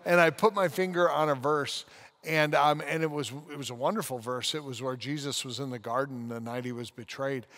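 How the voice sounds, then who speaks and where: A man's voice: medium pitch, steady tone, a little fast, a bit bright. A man in his forties, a pastor, telling a personal story in a casual podcast conversation, acting out the scenes as he goes. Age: 40s.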